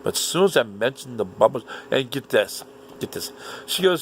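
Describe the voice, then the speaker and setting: A man telling a story in an animated, indignant rant, swearing often. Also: medium pitch, moderate pace, a little hiss or hum. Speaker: vlogger. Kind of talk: casual ranting monologue.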